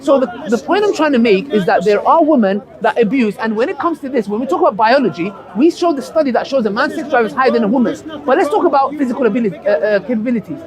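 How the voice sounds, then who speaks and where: A man's voice: very high voice, animated, fast, few pauses, poor audio. A man in a heated street debate, talking passionately and circling back to his point with many restarts. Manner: passionate, repetitive, restarts often. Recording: crowd noise outdoors.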